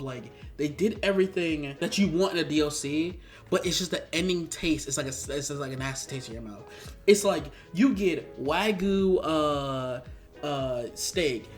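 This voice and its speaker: Animated, slightly high-voiced man ranting. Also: moderate pace, faint music behind. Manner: frustrated, animated ranting with fillers and restarts. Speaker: game reviewer. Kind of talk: casual spoken game review.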